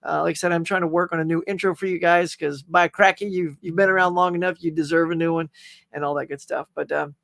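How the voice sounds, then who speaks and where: A man's voice: a little high, fairly even intonation, fast talker, gravelly, a bit bright, no room sound, studio quality. A man hosting a casual live stream, rambling cheerfully, greeting viewers and reading their comments, often saying "y'all" and "man.".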